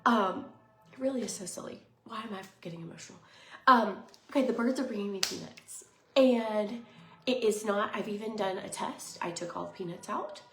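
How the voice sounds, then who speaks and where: A woman in her thirties chatting casually in a vlog, bubbly and rambling, with lots of fillers and soft whispered asides. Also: medium pitch, moderate pace. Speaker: lifestyle vlogger. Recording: echoey room, faint noise.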